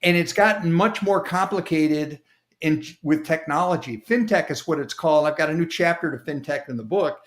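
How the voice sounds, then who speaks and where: A man's voice: fairly high pitch, moderate pace. A man speaking as a guest author on a video call, explaining ideas through folksy, homely examples. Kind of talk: casual explanatory talk.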